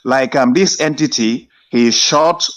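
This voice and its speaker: A man's voice: medium pitch, unhurried. Hesitant man cutting in on a debate. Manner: hesitant, many fillers, keeps cutting in. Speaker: caller. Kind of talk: heated live debate.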